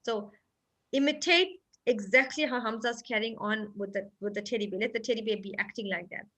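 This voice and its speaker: A woman's voice: a little high, brisk. A woman family counselor giving parenting advice in a panel discussion, acting out little scenes as she explains. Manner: animated, acts out parent and teddy bear lines.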